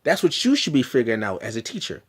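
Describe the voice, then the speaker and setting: A man's voice: mid-range voice, wildly swooping pitch, fast, husky. A man vlogging a personal story in an earnest, emphatic way, often restarting and repeating himself.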